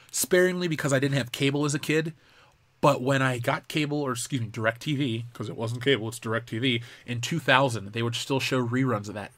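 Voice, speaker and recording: A man's voice: mid-range voice, a bit bright, no echo. A young man hosting a live pop culture show, ranting in a heated, profane way. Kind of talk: live-stream commentary rant.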